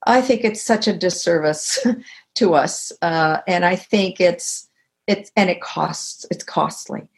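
A woman's voice: on the low side, slow. An older woman, a guest author and teacher, talking reflectively in an interview and telling anecdotes. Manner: reflective, tells anecdotes, animated when quoting others. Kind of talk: conversational interview. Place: video call.

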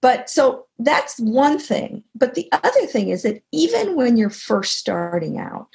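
In a conversational interview over video call, an older author and teacher speaks unhurriedly in a voice on the high side, with vocal fry. She's reflective, recounts anecdotes, and brightens up when quoting other people.

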